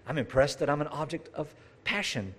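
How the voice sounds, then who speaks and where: A man's voice: a little high, expressive, fairly quick, a bit bright, slightly rough. A man preaching a conversational sermon, talking straight to his listeners with asides and rhetorical questions.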